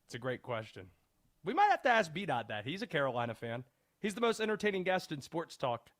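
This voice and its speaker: A man hosting a sports talk radio show, speaking in a measured, emphatic way and putting questions to his co-host. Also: fairly high pitch, wildly swooping pitch, a bit bright.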